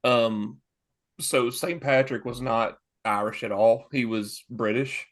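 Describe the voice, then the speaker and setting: A man's voice: medium pitch, fairly even intonation, takes it slowly. A man co-hosting a casual podcast, talking in rambling, restarting stretches and swearing freely. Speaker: podcast co-host.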